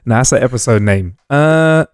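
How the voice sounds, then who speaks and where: This is a man who talks in an animated, joking way and leans on casual slang. His voice sits at an ordinary middle pitch for a man. It is recorded close and dry, with no room sound. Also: normal speed, clean tone, no room sound. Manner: animated, jokey storytelling with slang. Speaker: podcast co-host. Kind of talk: casual chat.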